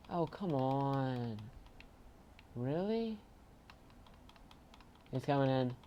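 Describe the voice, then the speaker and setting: A man casually commentating his own video game play, chatty and bursting into excited shouts. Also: medium pitch, slight background noise. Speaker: gaming channel host.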